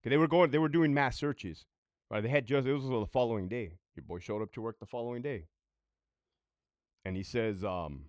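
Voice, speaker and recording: A man's voice: mid-range voice, brisk, a little mellow, no room sound, clean studio sound. A man who was a prison sergeant tells a story in a casual monologue, blunt and full of swearing. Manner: profane, blunt, conversational.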